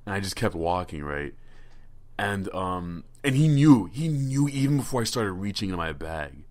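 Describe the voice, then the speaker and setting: Guy w a lowish voice telling a story on a podcast, swears a lot, keeps restarting. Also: sing-song, moderate pace, darkish tone. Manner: rambling, profane, stammering restarts. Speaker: podcast co-host. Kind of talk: casual storytelling chat.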